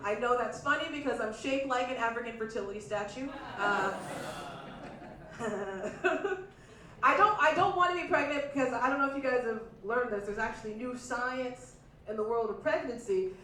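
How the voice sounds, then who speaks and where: High, bright-voiced woman doing stand-up. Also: normal speed, recorded from a distance, a little hiss or hum. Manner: playful, acts out quotes in exaggerated voices. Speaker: stand-up comedian. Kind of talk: stand-up comedy set. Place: comedy club stage. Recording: echoey club room miked from afar. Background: audience laughter.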